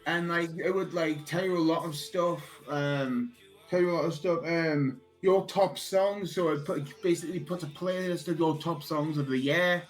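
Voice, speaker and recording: Guy with a higher voice rambling on stream, lots of um and uh, music in back. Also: moderate pace, poor audio. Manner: rambling, many fillers and restarts, joking. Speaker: friend on stream. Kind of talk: casual chat.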